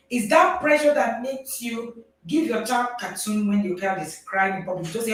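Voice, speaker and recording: Nigerian woman, parenting coach, lively audience talk, far off in a booming room. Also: measured pace. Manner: animated, laughs often, asks the audience "right?". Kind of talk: speaking to a live audience. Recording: very echoey, distant mic.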